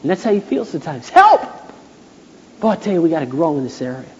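A man preaching a sermon, telling stories from his life and acting out the voices of the people he quotes. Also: very fast. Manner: storytelling, acts out quotes in a high excited voice. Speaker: pastor. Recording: dull 1980s church tape in a reverberant hall.

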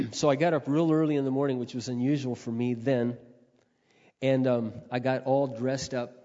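Preacher, male, earnest storytelling sermon that builds to loud exhortation, long reverb, muffled lo-fi sound. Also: medium pitch, little pitch movement, normal speed. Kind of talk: testimony sermon.

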